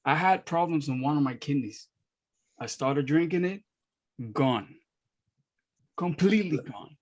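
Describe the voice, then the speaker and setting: A man from Miami, a guest on a podcast, explaining his views calmly and earnestly over a video call. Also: a little high, unhurried. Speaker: guest astrologer. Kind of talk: casual podcast conversation.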